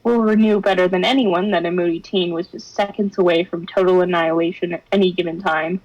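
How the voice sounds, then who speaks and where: A woman's voice: fairly low pitch, fairly even intonation, quick pace, a little mellow, lo-fi sound. A young woman streamer reading fan fiction aloud with drama, breaking into laughs and wry side comments. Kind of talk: expressive narration with laughing asides.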